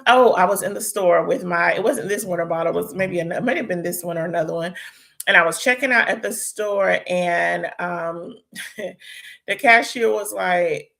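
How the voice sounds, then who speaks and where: Hosting a casual livestream, a young woman sounds tired yet chatty and prayerful, addressing her viewers as "y'all." Her voice is lowish with vocal fry and a fairly bright tone.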